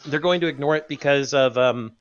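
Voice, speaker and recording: A man co-hosting a casual chat about game trailers, animated and quick to laugh, with halting restarts. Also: medium pitch, clean tone, lo-fi sound. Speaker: co-host.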